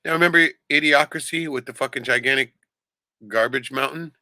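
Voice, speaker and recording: Sarcastic man, swears constantly, very bright tense voice, dry close sound. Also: mid-range voice, brisk, no echo. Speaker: commentary streamer. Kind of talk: casual profane commentary on clips.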